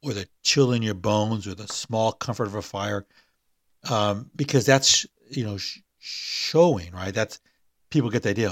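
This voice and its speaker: A man hosting a podcast, chatting hesitantly before reading a spooky short story aloud. His voice is husky and mid-pitched. The sound is dry and close. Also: normal speed, no room sound. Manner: hesitant, full of fillers and restarts in chat.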